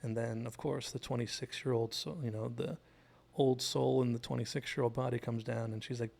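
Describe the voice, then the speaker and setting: Gravelly man recapping a TV episode. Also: mid-range voice, flat delivery, fairly quick, a little mellow. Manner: chatty and digressive, retells scenes. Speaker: TV show analysis host. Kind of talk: casual scene-by-scene commentary.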